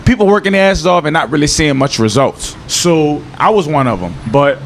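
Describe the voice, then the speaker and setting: A young man with a thick New Orleans accent talks loose and slangy in a casual outdoor interview. His voice sits a bit high for a man, and at times he slides into a low, earnest tone. There is a faint hiss of noise behind him. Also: expressive, moderate pace. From New Orleans, Louisiana. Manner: laid-back slangy talk, drops into a low earnest tone. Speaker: interview guest. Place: outdoors in Miami.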